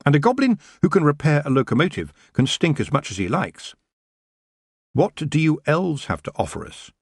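A man's voice: fairly high pitch, moderate pace, husky, dry recording, studio quality, pitched above the performer's own voice, full character voice. A man voicing a firm young witch girl. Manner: calm, practical, firm.

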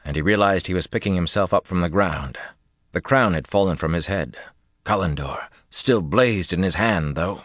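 A man narrating a fantasy audiobook in a measured, intense storytelling manner. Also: sits low, a bit bright, dry recording, clean studio sound.

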